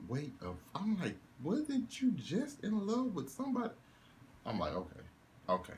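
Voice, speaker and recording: A man's voice: mid-range voice, a little hiss or hum. A young man giving a casual one-take movie review, ranting in disbelief, laughing and swearing as he goes. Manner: animated, laughing, incredulous rants with swearing.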